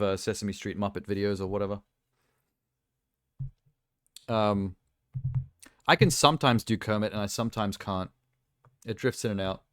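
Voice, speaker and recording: A man's voice: on the low side, clear, resonant tone, no room sound, clean studio sound. A man streaming live, chatting casually in a rambling, ranting way and laughing at himself. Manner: rambling, ranting, self-amused.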